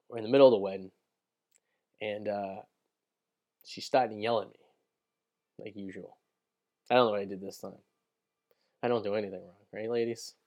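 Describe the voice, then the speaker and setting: A man's voice: mid-range voice, darkish tone. Rambling, profane young man telling a story. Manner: rambling, profane, fills with "right?" and "like". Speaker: podcast host. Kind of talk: casual storytelling monologue.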